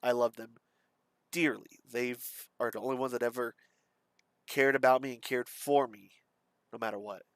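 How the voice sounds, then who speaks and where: A man speaks haltingly in a subdued, confessional way, often pausing and trailing off. His voice is smooth and clean, recorded close and dry with no room sound. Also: medium pitch, steady tone, dry recording. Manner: halting, hesitant, with many pauses and fillers. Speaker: vlogger. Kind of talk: candid personal storytelling.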